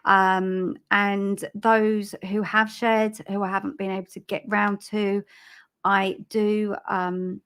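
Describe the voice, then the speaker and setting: A woman giving a live-streamed psychic reading, soft and halting, with frequent ums and repeated phrases. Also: medium pitch, little pitch movement, clean tone. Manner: laughs at herself over tech trouble. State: choked up with emotion. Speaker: psychic medium.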